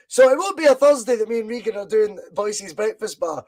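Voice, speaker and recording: A man hosting a casual fan podcast, loud and animated as he reads out viewer comments. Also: high-pitched, brisk, low-quality recording. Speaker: podcast host.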